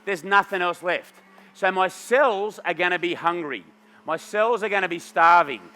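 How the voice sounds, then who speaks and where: A man's voice: high-pitched, normal speed, pushed and bright. A middle-aged man giving a playful live juicing demo, joking with the audience and directing volunteer helpers. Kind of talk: lively stage talk with audience helpers. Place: large hall with an audience. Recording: reverberant hall.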